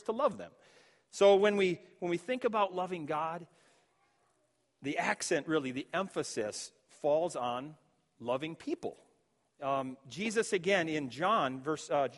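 A man preaching as pastor, his voice sitting a little high for a man. He speaks earnestly and reflectively, restarting phrases as he works through the text. The sound carries a long reverb, as in a hall. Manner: earnest, reflective, with frequent restarts while quoting scripture. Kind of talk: sermon.

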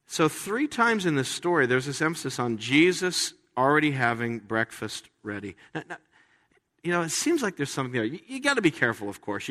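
A man preaching a sermon as a pastor, talking in a conversational way with playful, animated asides. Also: mid-range voice, long reverb tail.

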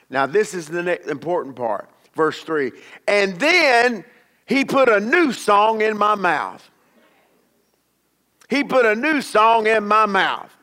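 A man's voice: high voice, fairly bright tone. A male pastor preaching a sermon to a church congregation, emphatic and repeating key phrases.

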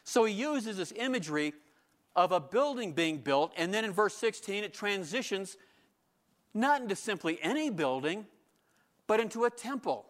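A pastor preaching a sermon in church, earnest and emphatic, asking rhetorical questions. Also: male voice, sits high, lively intonation, normal speed.

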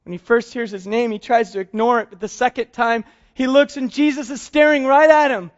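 A male pastor preaching a sermon, telling a story and acting out its quotes in soft, hushed tones. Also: extremely high pitch, steady tone, a little fast, lo-fi sound.

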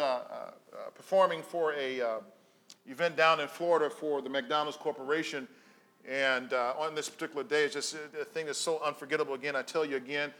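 A male pastor delivers a sermon full of stories, moving back and forth between quiet, low-voiced stretches and forceful appeals to his congregation.

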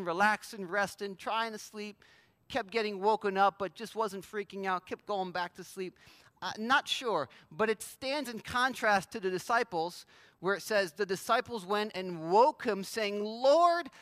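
Bright, high-voiced man preaching. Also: dry recording. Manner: conversational, emphatic preaching. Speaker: pastor. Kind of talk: sermon.

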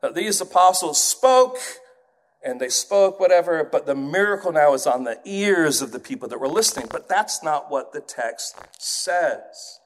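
A man raised in England preaches a sermon with animation, putting on accents to illustrate his points. His pitch is fairly high, and he speaks unhurriedly.

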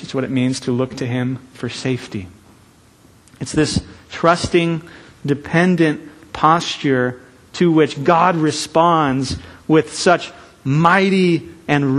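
A man with a mid-range voice preaches a sermon earnestly and emphatically, slowing down to stress key phrases.

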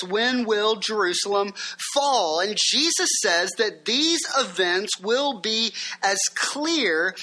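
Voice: mid-range voice, sharp tone. A pastor preaching a sermon in a conversational way, asking the listeners questions and reading passages aloud.

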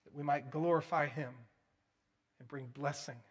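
A man delivers a sermon with earnest emphasis. His voice sits a little high for a man. He pushes key words out loudly, then drops to a quiet, hushed appeal. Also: steady tone, moderate pace, husky. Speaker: preacher.

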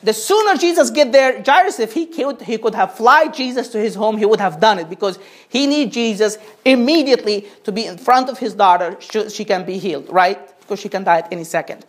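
A woman preacher delivering a sermon, asking rhetorical questions and drawing the congregation in with call-and-response. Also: a little high.

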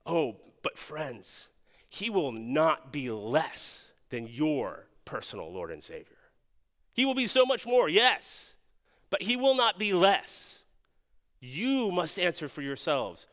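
A man's voice: fairly high pitch, fairly bright tone. A man preaching a sermon as pastor, earnest and questioning, often restarting his words. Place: church sanctuary. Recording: long hall reverb.

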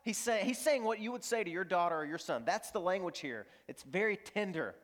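A man's voice: high voice, animated, brisk, fairly bright tone. A man preaching a sermon as a pastor. He speaks emphatically and repeats key phrases while he tells stories.

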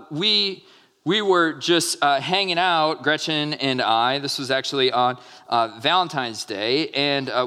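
A pastor in his thirties gives a sermon in a bright, forceful voice. He talks like he is telling a story, full of fillers and restarts. His voice carries a long reverb from a large hall. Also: mid-range voice, clear, resonant tone.

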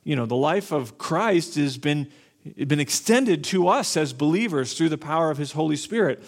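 Deliberate man preaching a sermon. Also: on the high side, animated. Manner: deliberate, repeats phrases, restarts with fillers. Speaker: pastor. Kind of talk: expository sermon.

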